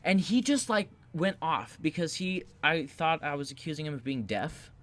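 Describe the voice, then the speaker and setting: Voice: medium pitch, animated, moderate pace, fairly bright tone. A young adult who works at a movie theater, telling customer stories in an exasperated, casual way. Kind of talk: casual chat.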